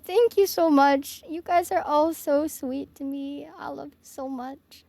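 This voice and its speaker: A woman's voice: high-pitched, a little slow. A young woman streamer signing off from her home office, gushing and giggly as she thanks her chat. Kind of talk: casual stream sign-off chat.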